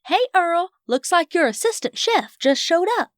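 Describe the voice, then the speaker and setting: Brisk bossy diner owner lady read by a woman, bright and lively, dry close mic. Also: high-pitched, dry recording, pitched above the performer's own voice, full character voice. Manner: brisk, shooing. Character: warm bossy Southern restaurant owner woman.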